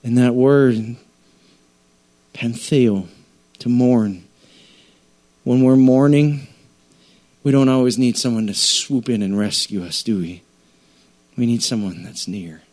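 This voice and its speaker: A man's voice: medium pitch, takes it slowly, long pauses, a little mellow. A male preacher giving a sermon in an emphatic, repetitive, conversational way.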